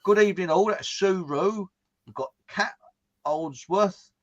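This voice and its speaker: A man's voice: high voice, a little slow, highs cut off. A man from England hosting a casual online chat, joking and reading out viewers' names. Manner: chatty, jokey, reads out viewer names. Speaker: host.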